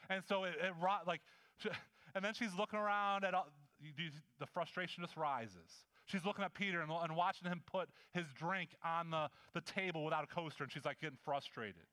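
A man preaching a sermon in a conversational, animated way, acting out the scenes he describes. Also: fairly high pitch, moderate pace. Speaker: pastor.

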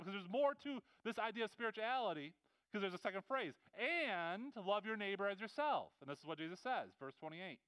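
A man with a high, clear voice delivers a conversational sermon, stumbling over his words and repeating himself as he builds his points. The recording is dry and close. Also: fairly quick, dry recording, rough recording. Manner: conversational and animated, frequent repetitions and restarts. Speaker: pastor.

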